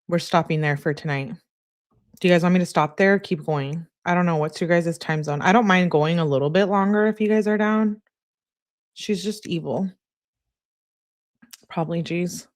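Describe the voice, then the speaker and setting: Low-voiced young woman reading texts with laughing asides. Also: no echo, studio quality. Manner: laughing, incredulous asides, chatting to viewers. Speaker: streamer. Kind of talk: live stream reading text messages aloud.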